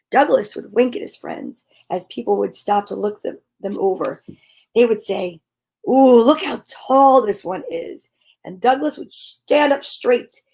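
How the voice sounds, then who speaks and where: A woman reading a picture book aloud to children, expressive and often dropping to a hush. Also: high voice, slightly rough. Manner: expressive, dropping to hushed near-whispers. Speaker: storyteller.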